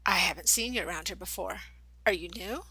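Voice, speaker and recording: A woman's voice: fairly low pitch, fairly quick, bright, forceful tone, husky, dry recording, full character voice. A woman voicing a polite, easygoing skinny teenage boy in an audiobook. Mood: friendly. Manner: easygoing, apologetic.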